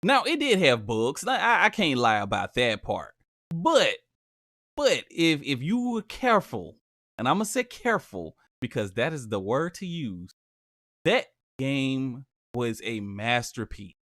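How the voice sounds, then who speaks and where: A man's voice: mid-range voice, sing-song, unhurried, fairly bright tone, no room sound, studio quality. A man hosting a casual chat about video games. He talks in a laid-back way, gets emphatic when he praises a game and swears casually.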